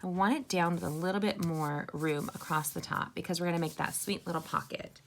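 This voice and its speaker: A woman's voice: fairly low pitch, fairly quick, fairly bright tone. A woman giving a chatty, upbeat card-making tutorial and talking straight to her viewers. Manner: chatty, upbeat, addresses viewers as "you guys" and "sisters". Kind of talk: casual crafting tutorial.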